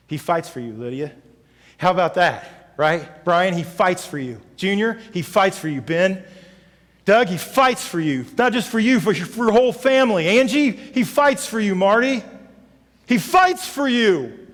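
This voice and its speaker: A man with a high, light voice preaches a sermon. His voice rings through a large hall with a long reverb tail. He moves from loud, emphatic calls to low, hushed reading of scripture, and he speaks to listeners by name. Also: very animated, moderate pace. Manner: addresses congregation members by name. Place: church sanctuary.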